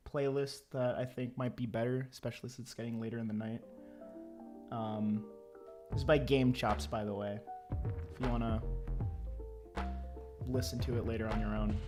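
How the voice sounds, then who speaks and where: A man streaming while he draws. He chats casually with his viewers, rambles, laughs often and restarts his sentences. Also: medium pitch. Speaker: artist streaming his drawing. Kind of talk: casual livestream chat, answering chat. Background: faint background music.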